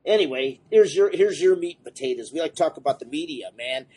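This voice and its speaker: A man co-hosting a casual comics podcast, rambling and excitable, running a comic shop and apologizing for talking too much. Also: on the high side, quick pace, slightly rough. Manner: rambling, excitable, self-deprecating.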